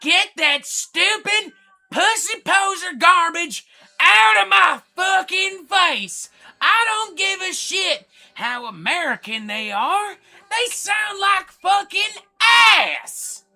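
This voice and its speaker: A man voicing a loud, brash, macho thrash-metal fanatic who yells every line. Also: very high-pitched, big pitch swings, slow pace, voice pushed up, exaggerated voice. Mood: enraged. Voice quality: bellowing, yelling, gruff bravado.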